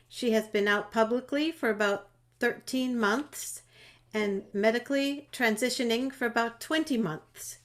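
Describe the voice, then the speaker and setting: Woman moderating a video call panel. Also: on the high side. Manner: friendly, chatty, with fillers and restarts.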